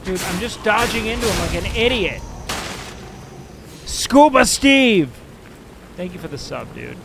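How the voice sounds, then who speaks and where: A man chatting loosely while he plays a game on stream, sarcastic and quick to swear. His voice sits high for a man and has a gravelly, fry-heavy texture. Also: very animated, noisy background. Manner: joking, sarcastic, swears freely. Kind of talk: casual gaming stream chat.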